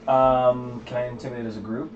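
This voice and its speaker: A man's voice: medium pitch, little pitch movement, a little fast. A man playing a tabletop game, joking and hesitant as he talks. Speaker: player. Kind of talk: casual tabletop game chat. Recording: dull, noisy, echoey, far-off mic.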